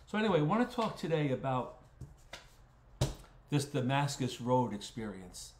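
A man's voice: mid-range voice, expressive, normal speed, long pauses, a little hiss or hum. A man leading a casual Bible study as its pastor, talking in a folksy way and often repeating words while he thinks aloud. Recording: roomy echo.

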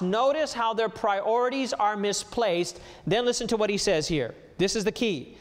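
A high-voiced male pastor preaches with emphasis, climbing into a raised voice when he reads scripture aloud. His words ring out with a long reverb through the church sanctuary of a livestreamed sermon. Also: moderate pace, hardly any pauses.

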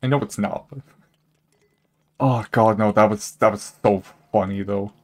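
Chatty young man streaming a game. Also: measured pace. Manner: rambling, chatty, reacting to chat, lots of "like"; animated pitch jumps, laughs often. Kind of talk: casual live-stream chat while gaming.

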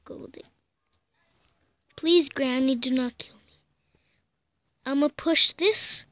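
A woman's voice: sits high, takes it slowly, a bit bright, no room sound. A young woman commenting on a horror game from her bedroom, pleading and often dropping to a scared whisper. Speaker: gamer. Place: bedroom at home.

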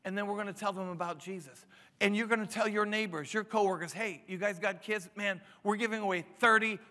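A man's voice: high voice, fairly even intonation, a little fast, bright, forceful tone. A pastor in his fifties preaching a sermon, emphatic, with frequent restarts and rising questions. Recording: long hall reverb.

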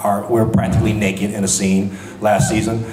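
A man with a voice on the low side and a darkish tone speaks at a moderate pace with little pitch movement. He's a guest on a convention panel, casually telling stories in a joking, laughing way. The recording, made in a large convention hall, is echoey with crowd noise.

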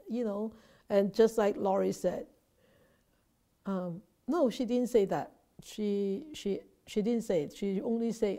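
Woman, Buddhist nun, Dharma teacher, informal online class, warm mellow tone, conversational, frequent restarts. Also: a little high, unhurried. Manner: conversational, often restarts and repeats words, checks in with listeners. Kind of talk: informal Dharma class over a video call.

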